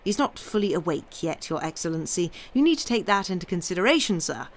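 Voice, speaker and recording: A woman's voice: lowish voice, big pitch swings, fairly quick. A woman voicing a servile male petty official who adds "sir" to everything. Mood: fawning. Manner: obsequious, adds "sir" constantly.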